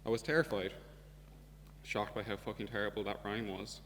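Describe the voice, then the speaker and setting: A young Irish man telling a comic story in a profane, deadpan way as a student debate speaker in a debating chamber. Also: fairly low pitch, fast talker, creaky. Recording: reverberant hall with faint hum.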